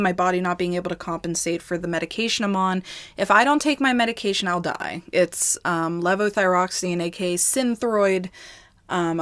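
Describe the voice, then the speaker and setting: A woman's voice: lowish voice, no room sound. A woman telling a rambling, candid storytime in casual chat, a little out of breath, with many fillers. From United States. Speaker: ASMR storytime creator.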